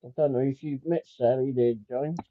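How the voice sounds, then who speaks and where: A man's voice: medium pitch, fairly even intonation, normal speed, slight background noise. A man hosting a casual livestream, reading out viewer comments and chatting in a rambling way with lots of fillers. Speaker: livestream host. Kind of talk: casual live-stream chat, reading viewer comments aloud. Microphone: headphone mic. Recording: tinny phone-like sound.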